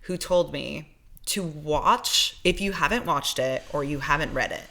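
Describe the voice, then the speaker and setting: A woman co-hosting a podcast in casual chat, chatty and animated, full of fillers and laughter. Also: sits low, a little slow. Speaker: podcast co-host.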